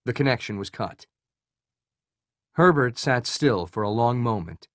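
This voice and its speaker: A man reading a thriller audiobook as its narrator, in an even, measured way. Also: medium pitch, no echo, studio quality.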